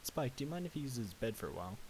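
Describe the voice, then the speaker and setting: A man's voice: medium pitch, sing-song, very fast, darkish tone. A man voicing an earnest, anxious young female unicorn pony in a storybook reading. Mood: concerned. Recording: faint tape hiss.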